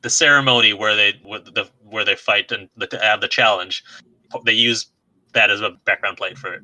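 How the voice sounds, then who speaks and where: Podcast co-host, male, very bright tone, giggly and self-mocking. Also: fairly low pitch, steady tone, normal speed, rough recording. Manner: chatty, laughs often, self-deprecating. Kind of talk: casual podcast chat.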